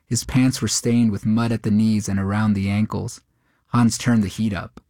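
A man narrating a short story in a steady, measured way. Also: on the low side, no echo, studio quality.

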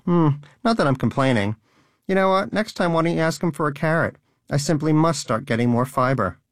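A man's voice: medium pitch, animated, moderate pace, pitched above the performer's own voice, close to an everyday voice. A man voicing a cynical, smug male pet rodent in a cage, talking in a mocking, exasperated way.

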